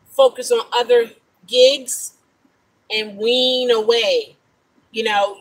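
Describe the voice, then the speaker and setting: A middle-aged woman speaks in a slightly husky, breathy voice that sits a little high for a woman. She has an African-American English accent and tells her stories to the camera in a loose, animated way, her disbelief plain in how she says things. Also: low-quality recording. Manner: animated, incredulous storytelling. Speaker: rideshare driver vlogger. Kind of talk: casual talking-to-camera vlog.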